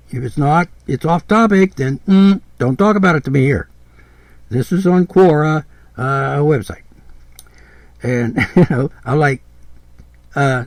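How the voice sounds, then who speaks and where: A man's voice: fairly high pitch, no room sound. A man in his seventies giving a blunt, rambling podcast monologue, repeating himself and swearing freely. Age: 70s. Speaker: podcast host.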